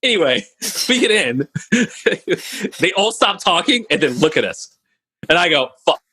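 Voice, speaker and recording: Husky man telling lively stories. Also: sits high, unhurried. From Minnesota. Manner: animated, laughing, acts out voices in his stories. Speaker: podcast guest. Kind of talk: casual storytelling on a video call. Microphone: video call.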